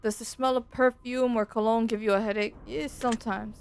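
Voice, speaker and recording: A woman streaming a game and chatting casually, telling stories in an animated, slangy way from a dark room at home into a desk mic. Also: on the high side, a little fast, slight background noise. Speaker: VTuber streamer.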